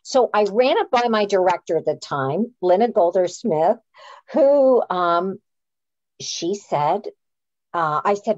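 A woman's voice: medium pitch, a little slow, no echo. A woman who is an author and playwright, telling a story casually with lots of restarts. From Canada. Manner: animated, self-deprecating, frequent restarts. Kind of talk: casual storytelling on a live chat. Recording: dull, dry sound.

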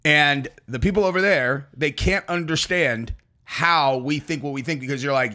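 A man's voice: fairly high pitch, moderate pace, pushed and bright. A man hosting a commentary channel, talking casually and opinionatedly, sometimes mocking people with impressions. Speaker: podcast host.

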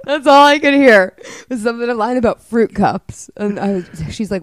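A woman's voice: fairly high pitch, a little fast, few pauses, no echo, studio quality. A woman playwright in her thirties talking in a casual interview, telling stories with lots of laughter and the odd swear. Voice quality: animated storyteller, laughs often, swears casually. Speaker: playwright guest.

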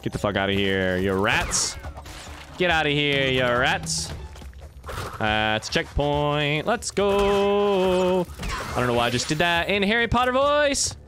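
Excitable male streamer, lively voice. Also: on the high side, measured pace, music in the background. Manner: excitable, swings into yelps and shouts at failures; chatty with chat, reads messages aloud. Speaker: streamer playing a game. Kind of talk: casual let's play commentary.

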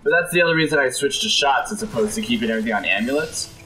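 A young man playing a game and talking through it, jokey and excitable, his voice swinging up and down with every surprise. His pitch sits in a middle register, and a faint hiss runs under the recording. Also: very fast. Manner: excitable, jokey, often does silly voices for enemies. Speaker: gameplay commentator. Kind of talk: let's play commentary.

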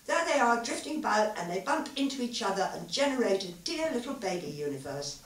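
Sharp, clever young woman physicist, wry and candid, read aloud by a woman author, roomy distant sound. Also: medium pitch, big pitch swings, a little fast, voice pushed up, natural voice. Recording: echoey hall, mic far off.

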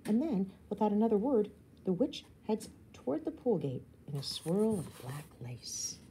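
A woman teacher reading a children's novel aloud to her class, expressive and giving the characters their own voices. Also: medium pitch, moderate pace, background noise. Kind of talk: storybook read-aloud.

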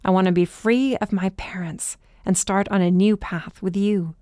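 A woman's voice: medium pitch, fairly even intonation, moderate pace, mellow, dry recording, clean studio sound, natural voice. A woman voicing an anxious young heroine who talks in a pointed, edgy way. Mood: wistful.

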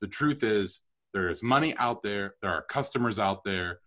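A middle-aged man telling stories about his career as a podcast guest, chatty and animated with self-deprecating humor. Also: lowish voice, moderate pace. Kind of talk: storytelling interview.

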